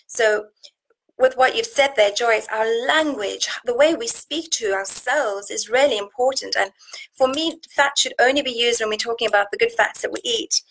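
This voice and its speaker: A woman's voice: a little high, moderate pace, fairly bright tone, poor audio. A woman from South Africa, a nutrition coach hosting a casual live session, talking in a chatty, earnest way full of fillers and restarts. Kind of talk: casual live stream talk, reading out viewer comments.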